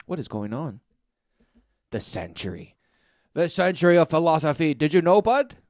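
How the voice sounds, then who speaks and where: Mocking man with a gravelly voice. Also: a little high, very animated, moderate pace, a little mellow, no echo, studio quality. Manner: mocking, rambling, repetitive. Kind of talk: sarcastic commentary.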